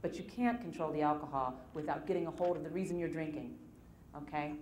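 A woman speaking to an audience at a self-help seminar, telling case stories in a lively, repetitive storytelling manner. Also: sits low, fast talker, slight background noise. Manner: storytelling, lively retelling with repeated phrases. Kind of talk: motivational talk to an audience.

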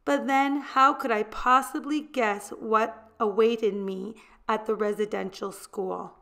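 Slow, higher-voiced woman reading a storybook. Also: fairly even intonation, vocal fry, a bit bright. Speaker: storybook reader. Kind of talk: reading a picture book aloud.

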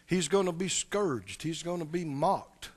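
A man's voice: a little high, lively intonation, measured pace, slightly rough. A male preacher giving a sermon, animatedly quizzing the congregation in a church.

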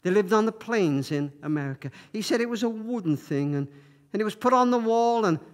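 High-voiced man telling a story. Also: expressive. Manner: warm, halting with repeated words. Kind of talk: storytelling to an audience.

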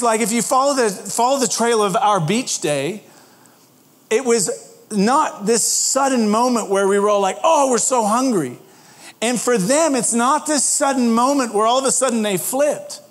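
A man preaching a conversational sermon as pastor, animated, asking the audience questions and restarting phrases as he goes. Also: extremely high pitch.

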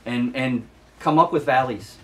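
A man's voice: mid-range voice, a little slow, fairly bright tone, distant mic, slight background noise. A man hosting a casual book review vlog, ranting with exasperation and repeating himself for emphasis. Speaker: book vlogger.

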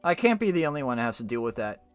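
A man's voice: medium pitch, big pitch swings, very fast, clean tone, no room sound, soft background music. A man streaming a game, chatting casually and rambling through explanations. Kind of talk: casual chat while gaming.

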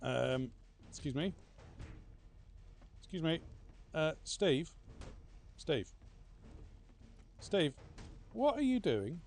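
Male game streamer, gravelly voice, unhurried delivery, chatty and prone to swearing. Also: a little high, very animated, slight background noise. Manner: chatty, swears, mutters to himself, hums silly ditties. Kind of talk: live gameplay commentary.

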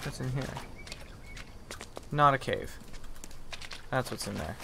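A man's voice: medium pitch, animated, slow, vocal fry, noisy background. A young man giving casual, self-mocking commentary as he plays a survival game. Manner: chatty, self-mocking, mock apologetic to game animals. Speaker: gaming video host.

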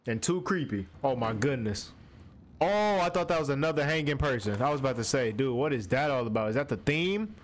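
A man's voice: medium pitch, brisk. A young man, commentating a horror game playthrough as he talks to the character on screen. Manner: animated and jumpy, talking to the game character, slangy. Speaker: gaming streamer.

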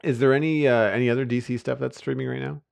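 A man's voice: mid-range voice, steady tone, fast, vocal fry, a little mellow. A man co-hosting a podcast, chatting in an easygoing, thoughtful way and searching for words. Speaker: podcast co-host. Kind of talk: casual chat.

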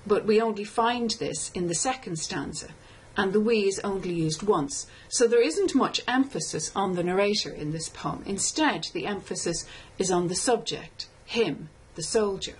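A woman lecturer giving a scripted tutorial, explaining step by step in a measured way and reading lines of verse slowly. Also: medium pitch, breathy edge, low-quality recording. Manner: measured, explanatory, reads poem aloud slowly. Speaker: literature lecturer.

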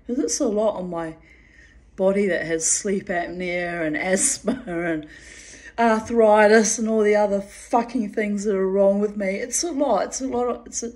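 A woman's voice: medium pitch, normal speed, darkish tone. A woman telling a personal story in a casual way, laughing often and swearing freely.

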